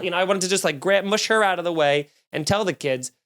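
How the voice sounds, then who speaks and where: A male comedian hosting his own podcast, telling a profane, self-deprecating story in an animated, swearing manner. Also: high voice, fast talker, hardly any pauses. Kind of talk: solo comedic storytelling rant.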